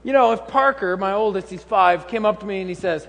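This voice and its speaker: A man's voice: sits high, brisk, vocal fry, hardly any pauses, a bit bright, a little hiss or hum. A man in his thirties preaching a humorous, conversational sermon with laughing asides. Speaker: pastor. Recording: long hall reverb.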